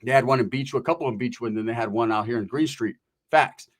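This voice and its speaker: A middle-aged man from California, appearing as a storyteller guest, tells a rambling, profane anecdote in streetwise slang. His voice is mid-range and his pace is quick.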